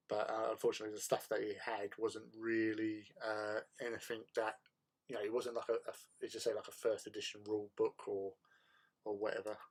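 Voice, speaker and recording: A man's voice: fairly low pitch, little pitch movement, moderate pace, a little mellow. Rambling man chatting casually. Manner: rambling, laughs often. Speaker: host of a hobby livestream. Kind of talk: casual chat with viewers.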